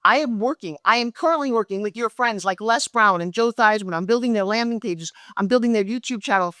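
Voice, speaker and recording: A middle-aged woman, a guest in an interview, telling her story with animated energy and acting out quoted dialogue. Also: quick pace, no room sound, clean studio sound. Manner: acts out quoted dialogue with lively pitch jumps. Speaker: guest, pitch expert and speaker.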